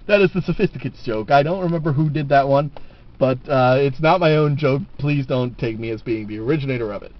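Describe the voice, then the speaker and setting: A man's voice: mid-range voice, brisk. A man telling jokes casually to the camera, laughing at his own punchlines, on a dull lo-fi camera recording.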